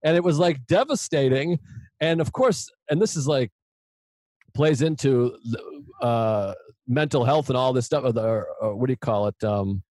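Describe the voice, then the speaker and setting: A male comedian hosting a podcast, easygoing and self-mocking as he trades stories. His voice sits mid-range and often drops lower and quieter. The room sounds dry and close. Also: normal speed, dry recording. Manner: relaxed, self-mocking anecdotes. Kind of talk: casual conversation, storytelling.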